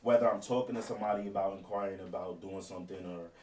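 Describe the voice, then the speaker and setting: Low-voiced man, roomy and distant. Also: steady tone, fast, dark tone, a little hiss or hum. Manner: loose, rambling slang with frequent restarts. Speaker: podcast co-host. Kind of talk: casual chat. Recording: roomy sound from a distance with faint ambience.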